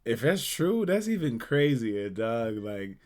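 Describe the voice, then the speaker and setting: Man, reaction host, slangy, incredulous, unhurried delivery, casual chat. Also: mid-range voice, big pitch swings, a little mellow.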